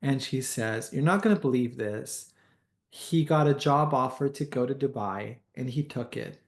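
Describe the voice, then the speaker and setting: A man's voice: medium pitch, normal speed. Hesitant man telling a story. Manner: hesitant, many restarts and "uh", animated when quoting. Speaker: tarot teacher. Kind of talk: storytelling in an online class.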